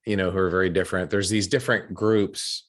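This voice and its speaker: Male podcast host, middle-aged American, lowish voice, rambling anecdotal delivery. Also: steady tone, fairly quick. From United States. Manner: chatty, storytelling with frequent restarts. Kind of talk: casual conversation.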